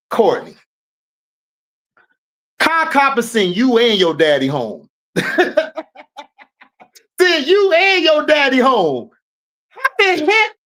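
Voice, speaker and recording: A woman hosting a sports talk show who tears into players with profane, animated commentary. Her voice sits high and swings widely in pitch, and she takes her time as she talks. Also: low-quality recording. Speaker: sports podcast host.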